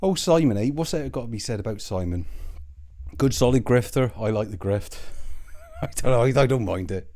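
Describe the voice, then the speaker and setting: A man's voice: mid-range voice, lively intonation, normal speed, warm tone. A man hosting his own channel, rambling in a sardonic, sweary commentary that keeps interrupting itself.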